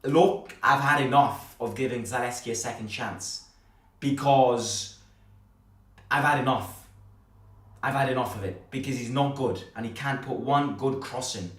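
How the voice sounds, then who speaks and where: A man's voice: medium pitch, a little slow, a bit bright, far from the mic. A man hosting a football fan channel, giving a heated, blunt post-match reaction rant, swearing and repeating himself. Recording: roomy, a little off the mic.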